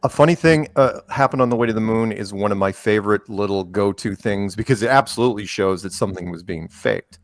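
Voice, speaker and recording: A man's voice: fairly low pitch, brisk, hardly any pauses, no echo. A man who is a podcast guest, telling rambling anecdotes in casual conversation and acting out quotes along the way.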